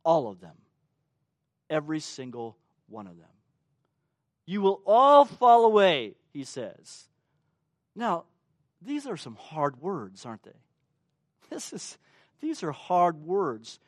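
A man's voice: fairly high pitch, slow pace, pauses often, no echo, studio quality. A male pastor preaching a sermon, acting out quotes and asking the congregation questions. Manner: animated, acts out quotes, asks the congregation questions.

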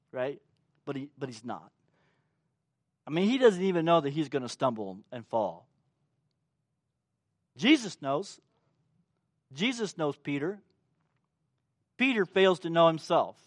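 A man's voice: a little high, no room sound, studio quality. A male pastor preaching a sermon, acting out quotes and asking the congregation questions. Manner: animated, acts out quotes, asks the congregation questions.

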